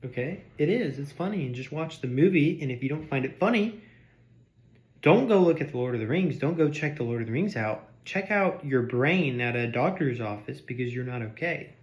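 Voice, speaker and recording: A man's voice: medium pitch, lively intonation, moderate pace. A man delivering a comedic rant, mock-outraged and sarcastic, insulting his audience. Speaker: vlogger.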